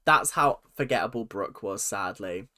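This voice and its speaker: A man's voice: fairly low pitch, animated, normal speed, pushed and bright. A man hosting a reaction video, chatting casually and exaggerating with mock voices.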